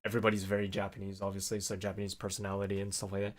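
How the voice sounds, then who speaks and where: A man vlogging in a casual, rambling storytelling way, animated when he quotes people. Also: fairly low pitch, very fast. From North America. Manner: rambling, animated when quoting others, laughs often.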